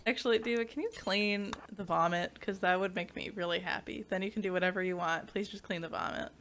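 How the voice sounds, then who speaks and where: A woman's voice: medium pitch, fairly even intonation, brisk, a bit bright. A young woman streaming a game as a VTuber, chatting casually, reading chat aloud and laughing often.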